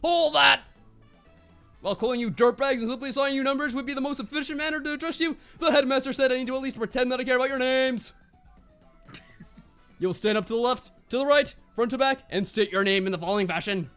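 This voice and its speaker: A bullying, pompous drill sergeant major, put on by a man reading a visual novel, barking commands in a very high, strained register. His tone is sharp and forceful, and he sneers every insult at his cadets. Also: fast talker, smooth, faint music behind. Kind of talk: visual novel voice acting on a live stream.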